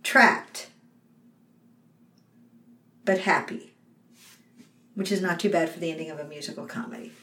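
A woman's voice: sits low, steady tone, racing, few pauses, a little hiss or hum. A woman co-hosting a casual podcast chat who acts out characters' lines as she retells a show. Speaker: podcast co-host. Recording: roomy, slightly distant mic.

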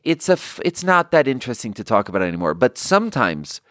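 A man's voice: medium pitch, sing-song, fast, a bit bright, no room sound, studio quality. A man hosting a casual comedic monologue, rambling with restarts, swearing freely and acting out the people he quotes. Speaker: podcast host.

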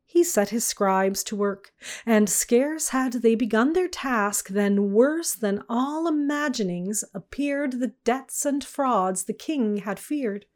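A woman reading a narrative poem aloud in measured archaic verse. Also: fairly high pitch, lively intonation, darkish tone. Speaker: reader.

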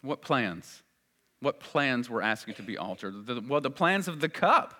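A man preaching a sermon in an earnest voice that swells loud and high at emphatic moments. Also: sing-song, measured pace.

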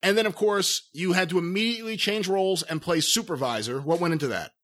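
A man's voice: high voice, quick pace, a bit bright. A man hosting a podcast, teasing his guests and laughing often. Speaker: podcast host. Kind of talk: casual podcast chat.

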